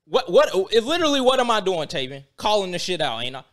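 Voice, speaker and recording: Brief: slightly high-voiced man, exasperated podcast co-host, emotional and incredulous. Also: very animated, fast, a bit bright. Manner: emotional, exasperated, laughs often. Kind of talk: heated casual debate.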